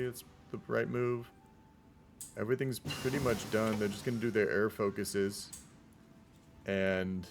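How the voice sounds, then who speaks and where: A man giving casual, rambling commentary on a strategy game replay and chatting with his viewers. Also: lowish voice. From United States. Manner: rambling, chatty, talks to the chat. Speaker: game caster.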